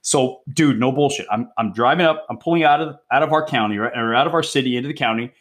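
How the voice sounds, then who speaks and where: Podcast guest: a middle-pitched cop in his forties, excitable, cursing through his war stories. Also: fast talker. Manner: profane, excitable, peppers talk with "bro" and "dude". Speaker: guest, police drug interdiction officer. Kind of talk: casual storytelling chat.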